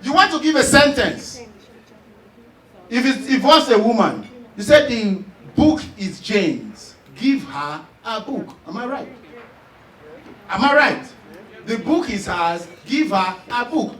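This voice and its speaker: Nigerian male stand-up comic, very high pitched, loud and animated, recorded from a distance in a roomy space. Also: slow. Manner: animated, loud storytelling with laughs and shouts. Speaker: stand-up comedian. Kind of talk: stand-up comedy.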